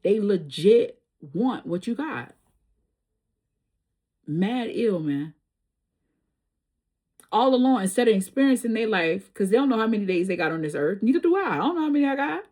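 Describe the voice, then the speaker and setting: Slangy, animated woman storyteller. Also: medium pitch, normal speed, pauses often. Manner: slangy, animated, laughs often. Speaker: tarot reader. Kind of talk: casual storytelling tarot reading.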